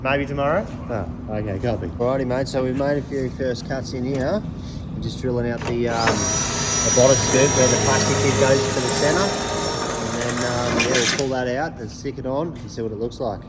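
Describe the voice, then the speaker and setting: A man's voice: mid-range voice, normal speed, heavy background noise. A man with an Australian accent, casually chatting upbeat to his viewers while working on a car in a panel repair workshop. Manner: upbeat, chatty, laid-back slang, yells playful calls. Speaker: vlogger. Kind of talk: casual chat.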